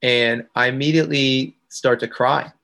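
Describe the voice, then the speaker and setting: Man, podcast guest, earnest storytelling, repeats phrases for emphasis, mid-pitched voice. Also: fairly even intonation, normal speed, gravelly, sharp tone. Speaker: podcast guest, integration coach. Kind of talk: personal storytelling in conversation.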